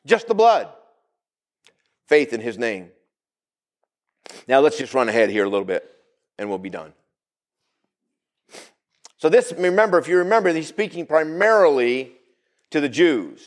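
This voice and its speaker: Lively, animated male pastor preaching. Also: mid-range voice, normal speed, pauses often. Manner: animated preaching, asks the congregation for responses. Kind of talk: sermon.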